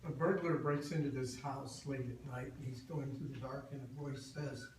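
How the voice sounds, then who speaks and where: A man's voice: medium pitch, normal speed, a little hiss or hum, pitched above the performer's own voice, lightly acted. A man tells a joke to a meeting, voicing the characters as he goes. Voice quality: animated storyteller, voices the characters. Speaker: club member telling a joke. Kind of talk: told joke with acted voices. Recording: echoey room from far off with clatter.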